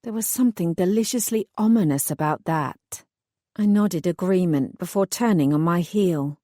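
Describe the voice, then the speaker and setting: A woman narrating a romantic fantasy audiobook in the first person with even, measured storytelling. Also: on the low side, no room sound, clean studio sound.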